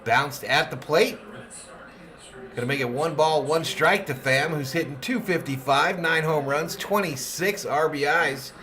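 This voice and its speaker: A man's voice: on the high side, measured pace. A man hosting a fan watch party, calling the plays and joking with his chat. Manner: animated, jokey, reads chat names aloud. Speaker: fan host doing play-by-play. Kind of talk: live game call and chat reading.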